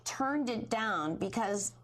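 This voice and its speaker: Playful teasing woman, voice bounces around a lot, a bit high, faint hiss behind. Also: expressive, slow, a bit bright. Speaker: guest. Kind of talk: casual chat.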